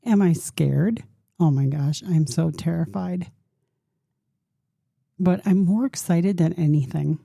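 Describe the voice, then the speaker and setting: A woman in her fifties hosts a solo podcast in a low, gravelly, mellow voice, recorded dry and close. She talks in an earnest, open way, thinking aloud and encouraging her listeners straight to them. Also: slow, pauses often, no echo. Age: 50s. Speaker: podcast host. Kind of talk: reflective solo podcast talk.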